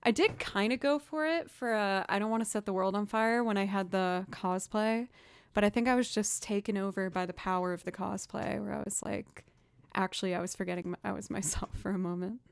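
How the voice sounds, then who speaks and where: A woman's voice: medium pitch, steady tone, a little fast, vocal fry, smooth, no room sound. A young woman chatting casually with her live-stream audience, rambling with fillers and restarts. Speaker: streamer and musician.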